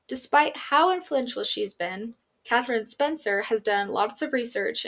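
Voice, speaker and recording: A young woman, an art student, giving a class presentation in an earnest, reflective and personal way. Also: on the high side.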